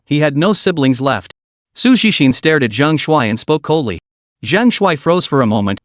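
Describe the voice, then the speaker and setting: A man's voice: on the high side, dry recording, studio quality. A man narrating a story recap in a scripted, dramatic storytelling manner.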